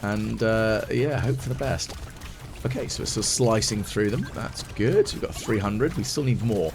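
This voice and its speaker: A man's voice: lowish voice, lively intonation, moderate pace, background noise. A man giving chatty ASMR gaming commentary as a let's play host, thinking aloud and mocking his own mistakes. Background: game music.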